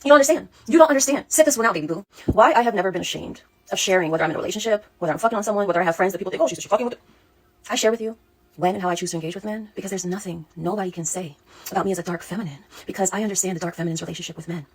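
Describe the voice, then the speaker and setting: A woman's voice: mid-range voice, rapid-fire, husky. A woman speaking as a spiritual coach in a casual monologue, blunt, sassy and full of swearing.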